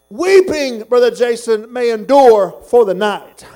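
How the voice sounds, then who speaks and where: A middle-aged man preaching a sermon, moving from quiet conversational talk to shouted, sung-out exhortation. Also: very high-pitched, expressive, measured pace.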